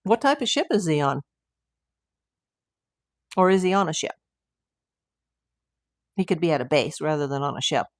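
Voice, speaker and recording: Chatty older woman, low dry voice. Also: animated, normal speed, pauses often, no room sound. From United States. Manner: chatty, rambling with asides and fillers. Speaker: livestream host. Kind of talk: casual livestream chat reading viewer comments.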